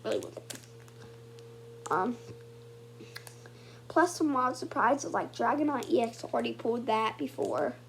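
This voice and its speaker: Excitable high-voiced woman opening card packs. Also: measured pace, vocal fry, pauses often, slight background noise. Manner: excitable, swings from muttering to squealing. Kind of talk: casual unboxing commentary.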